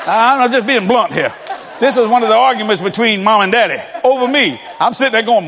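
Man preacher from New Orleans, high and animated, telling laughing family stories. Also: fairly quick. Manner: animated, laughing, folksy storytelling. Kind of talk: storytelling sermon.

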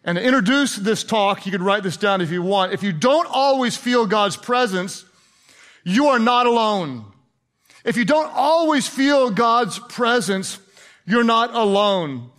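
A man's voice: high-pitched, lively intonation, a little slow, a bit bright. A man preaching a sermon to his congregation in a conversational, playfully sarcastic way, asking them questions. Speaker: pastor.

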